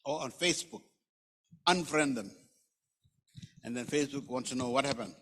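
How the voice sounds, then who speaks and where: Pastor in a reverberant church. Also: male voice, medium pitch, moderate pace, fairly bright tone. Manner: rambling, joking storyteller who reads scripture aloud. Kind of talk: conversational sermon with humorous asides. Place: church hall. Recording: long church hall reverb.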